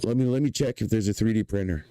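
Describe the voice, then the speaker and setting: A man from Quebec with a Québécois French accent, talking casually and excitably on a livestream, rambling, swearing and repeating himself. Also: on the low side, quick pace, no echo, poor audio. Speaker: livestreamer and inventor.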